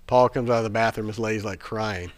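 A man's voice: lowish voice, steady tone, fast. Rambling male preacher telling a story. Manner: chatty and rambling with fillers and restarts; grows hushed and earnest when preaching. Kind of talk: sermon storytelling.

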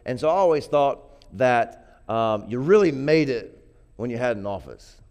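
Conversational preacher with a smooth voice. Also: male voice, medium pitch, animated, unhurried, a little mellow. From grew up poor. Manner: conversational, repeats words, builds to emphatic peaks. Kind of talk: sermon.

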